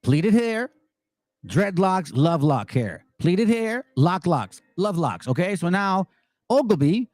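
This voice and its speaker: A man's voice: high-pitched, big pitch swings, takes it slowly, a little mellow, dry recording. A man giving heated commentary and reading passages aloud, angry and emphatic, repeating words for stress. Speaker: commentary host.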